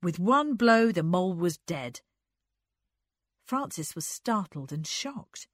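Casting: unhurried audiobook narrator, woman, lively intonation, dry close sound. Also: on the low side, no room sound. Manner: unhurried, expressive.

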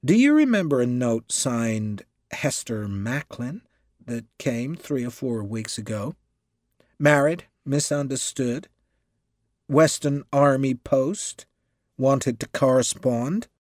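A man's voice: medium pitch, lively intonation, takes it slowly, a little mellow, dry recording, clean studio sound. A man reading a chatty humble male secretary. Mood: hesitant.

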